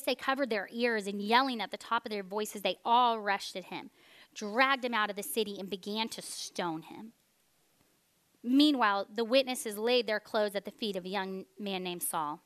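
A woman, preaching a sermon as an animated storyteller who drops to a hush for weighty points. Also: on the high side. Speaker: speaker.

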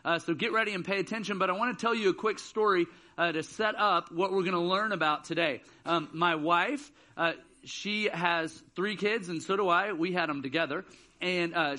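A man's voice: sits high, pushed and bright. A man in his thirties giving a casual youth sermon in church, telling jokey stories. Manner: casual, joking storyteller. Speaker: student ministry speaker. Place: church auditorium.

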